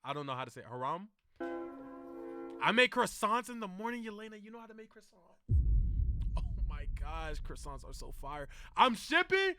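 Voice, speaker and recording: A young man with a high voice streams himself reacting to videos at normal speed, music playing behind him. He chats casually and animatedly, heavy on slang, calling the listener "bro" and "gang."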